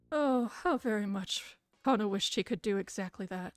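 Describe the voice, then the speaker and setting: A woman reading a visual novel aloud in a soft, soothing voice, breaking off for casual asides. The sound is dry and close, with faint music underneath. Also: medium pitch, steady tone, fast talker, gravelly, hardly any pauses, no room sound. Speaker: streamer reading a game aloud.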